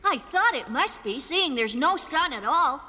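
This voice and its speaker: Moomintroll, a gentle young troll boy, voiced by a woman. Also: sits high, lively intonation, unhurried, dry recording, exaggerated voice. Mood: curious. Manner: earnest, soft-spoken, easily puzzled. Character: young male troll, gentle, curious and kind. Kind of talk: cartoon voice acting. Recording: dubbed cartoon voice over music score.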